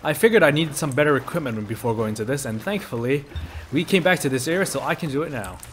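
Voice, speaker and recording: A man's voice: medium pitch, lively intonation, fast talker, slight background noise. A man doing casual gameplay commentary, thinking aloud, joking and cursing at the game. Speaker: let's play commentator. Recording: game music under voice.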